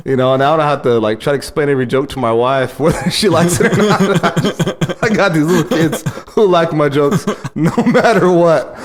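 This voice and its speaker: Animated laughing man telling stories. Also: fairly high pitch, a little fast. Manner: animated storytelling, laughs often. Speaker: podcast co-host. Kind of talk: casual chat.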